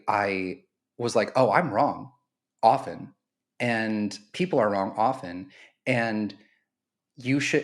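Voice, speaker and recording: Man, podcast guest, animated, restarts mid-thought, medium pitch. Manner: animated, self-correcting. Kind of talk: casual conversational reflection.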